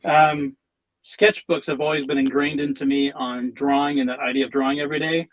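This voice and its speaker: Male podcast guest, a bit high-voiced, easygoing and rambling. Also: fairly quick, highs cut off. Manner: relaxed storyteller, stumbles and restarts telling jokes. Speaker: guest artist. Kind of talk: casual podcast interview.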